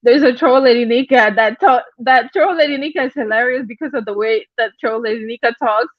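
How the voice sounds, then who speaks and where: A woman's voice: fairly high pitch, brisk, no room sound, muffled recording. A woman hosting a casual livestream, chatting with viewers, greeting them by name and often repeating her phrases. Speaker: livestream host.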